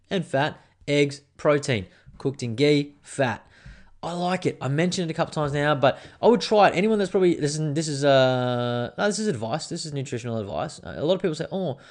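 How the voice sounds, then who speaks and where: A man's voice: medium pitch, animated, moderate pace. A man, rambling and joking through a casual solo podcast, swearing freely. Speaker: podcast host.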